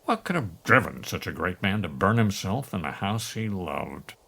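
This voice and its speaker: Man doing a loyal aide, low gravelly rasp. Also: big pitch swings, moderate pace, fairly bright tone, full character voice. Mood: mournful. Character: devoted male assistant, middle-aged.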